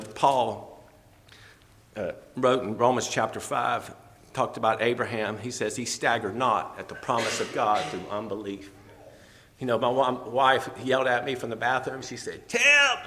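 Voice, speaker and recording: Fervent preacher man with a bright voice. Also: medium pitch, in a large hall, a little hiss or hum. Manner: fervent, repeats phrases, chuckles often. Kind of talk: sermon. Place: church.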